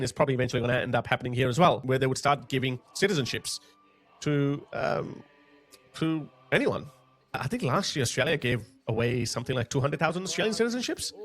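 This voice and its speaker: Male online commentator, swings pitch all over, blunt and sarcastic. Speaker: political commentator. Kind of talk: casual commentary on video clips.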